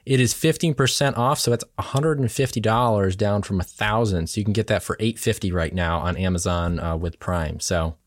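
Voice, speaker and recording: A man co-hosting a casual tech news podcast, upbeat and quick to laugh as he walks through deals and news. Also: lowish voice, no room sound, studio quality.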